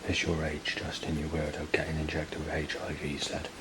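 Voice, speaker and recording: Low-voiced man rambling over hiss. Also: monotone, normal speed. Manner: rambling, hesitant, dotted with fillers. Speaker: diarist recording a personal log. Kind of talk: spoken log. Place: indoors in a building.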